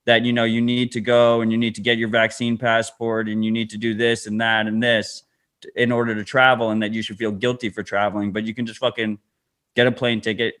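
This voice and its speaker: Casting note: male podcast co-host, lowish voice, wry and matter-of-fact. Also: level tone, a little fast, fairly bright tone. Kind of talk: casual chat.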